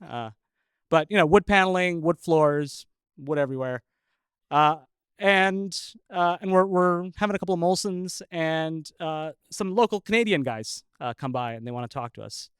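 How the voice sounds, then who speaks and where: A man who is a scientist telling a personal story live, chuckling often and pausing with filler uhs. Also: on the high side, fairly bright tone, smooth, no room sound.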